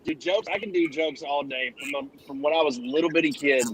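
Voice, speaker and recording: A man's voice: fairly high pitch, fast talker, crowd noise, low-quality recording. A man hosting a casual podcast chat who tells jokes in a loose, profane storytelling manner. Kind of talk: casual chat and joke telling.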